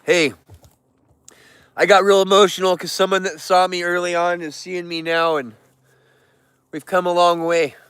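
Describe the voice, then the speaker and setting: Guy livestreaming with bears, chatty and emotional, bright high voice. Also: clean tone, dry recording. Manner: chatty and emotional, greeting viewers and animals by name. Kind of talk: casual livestream chat to viewers.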